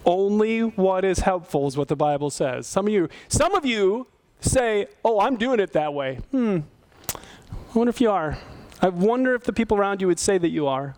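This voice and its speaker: A man's voice: high voice, expressive, normal speed, a little mellow. A middle-aged male pastor giving a sermon in a conversational way, often asking his listeners questions. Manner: conversational, asks the audience questions.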